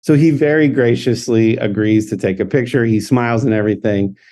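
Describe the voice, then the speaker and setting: A man's voice: mid-range voice, brisk, mellow. A man co-hosting a podcast, telling an anecdote in casual chat, laughing often and acting out the dialogue. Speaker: podcast co-host.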